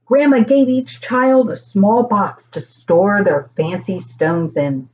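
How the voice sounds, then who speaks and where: An older woman reading a children's storybook aloud, animated as she voices the grandchildren and grandparents. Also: takes it slowly, muffled recording. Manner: animated, pitching up for children's lines.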